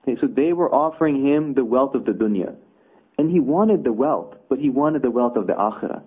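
Husky man teaching a religious lesson. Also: mid-range voice, expressive, brisk. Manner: conversational, with rhetorical asides. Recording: tinny phone-like audio.

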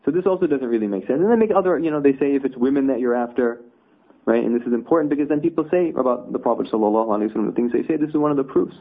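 A man's voice: mid-range voice, racing, slightly rough. A man teaching a conversational religious lesson, explaining with rhetorical asides. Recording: tinny phone-like audio.

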